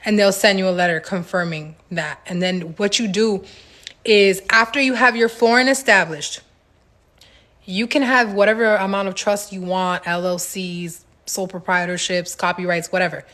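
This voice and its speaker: A woman hosting a casual livestream Q&A, telling stories in an animated, slangy way with laughs, into a phone mic. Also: medium pitch, moderate pace. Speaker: livestream host answering viewer questions.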